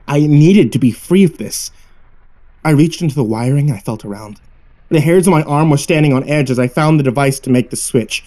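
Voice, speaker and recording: A man narrates a first-person horror tale in a mellow, darker voice, building tension with dramatic pauses. He tells it as the host of his own story channel. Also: on the high side.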